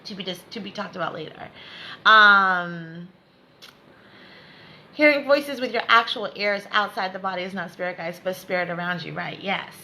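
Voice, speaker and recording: A woman's voice: medium pitch, normal speed, sharp tone, rough recording. A woman giving a live spiritual lesson, repeating herself to encourage viewers and laughing often. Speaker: spiritual teacher.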